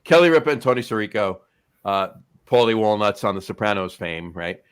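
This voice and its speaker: A man's voice: fairly low pitch, animated, fairly quick, clean tone. A man, co-hosting a podcast in casual chat, rambling with many restarts. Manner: rambling, full of restarts and fillers. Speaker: podcast co-host.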